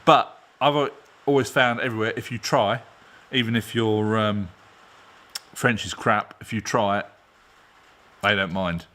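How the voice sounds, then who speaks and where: A man's voice: on the low side, steady tone, unhurried, a bit bright. A man hosting a casual live stream from his home garage, rambling and laughing as he talks. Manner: rambling, chatty, laughs often. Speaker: garage channel host.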